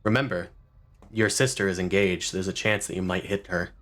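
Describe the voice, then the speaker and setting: A man's voice: low voice, brisk, fairly bright tone. A man acting as game master, loosely describing scenes and making rules calls. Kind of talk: running a tabletop game.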